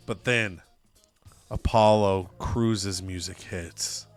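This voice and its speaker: A young adult man hosting and narrating a wrestling game playthrough as an animated storyteller. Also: on the high side, takes it slowly, clean tone, no echo, faint music behind. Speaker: gaming host.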